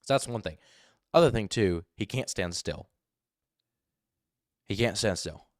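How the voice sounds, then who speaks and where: Animated low-voiced man streaming live. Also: a little slow, no room sound, clean studio sound. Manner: animated, mimics voices to make points. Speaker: livestream host.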